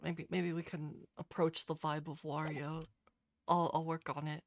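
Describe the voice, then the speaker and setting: A woman's voice: low-pitched, level tone, unhurried, vocal fry, no room sound. A woman streamer chatting through a game live, giggly and self-conscious, stumbling over her words.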